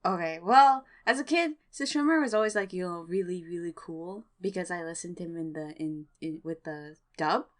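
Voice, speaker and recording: A woman's voice: lowish voice, a little fast, hardly any pauses. A woman co-hosting a casual anime podcast, giggly and playful. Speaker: podcast co-host. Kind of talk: casual anime recap chat.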